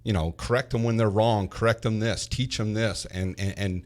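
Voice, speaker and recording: Low-voiced man telling a lively story. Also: normal speed. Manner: animated storyteller, repeats words when starting sentences. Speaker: podcast guest. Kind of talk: casual chat.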